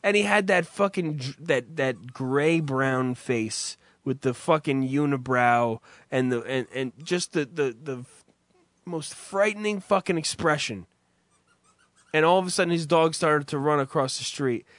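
A man's voice: fairly high pitch, unhurried, a bit bright, no echo, clean studio sound. A man telling a rambling, profane story in casual chat with a co-host, full of restarts. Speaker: podcast co-host.

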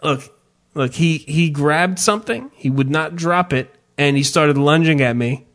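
Brief: casual male podcast host, slightly high voice, swears a lot, self-mocking storyteller. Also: a little slow, creaky. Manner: profane, self-mocking storyteller who yells his own quotes.

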